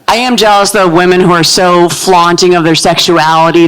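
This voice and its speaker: A woman in her thirties with a low, manly-sounding voice, performing a live stand-up set in a comedy club with a deadpan delivery. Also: a little fast, few pauses, low-quality recording. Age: 30s.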